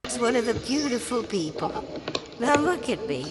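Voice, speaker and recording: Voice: mid-range voice, sing-song, moderate pace, natural voice. An actor voicing a boastful cartoon sea creature in a clip played from a show. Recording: loud noisy clip with long reverb.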